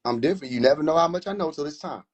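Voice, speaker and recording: A man's voice: fairly high pitch, lively intonation, rapid-fire, slightly rough, dull audio. A man hosting a live stream, boisterous and mocking in a casual rant, laughing often. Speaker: livestream host.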